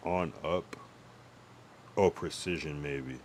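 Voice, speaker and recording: A young man on a livestream, chatting loosely and cursing freely as he rambles. His voice sits very low. A soft hum of room ambience runs underneath. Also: slow. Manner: rambling, profane, thinks aloud about music. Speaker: streamer. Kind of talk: casual livestream chat.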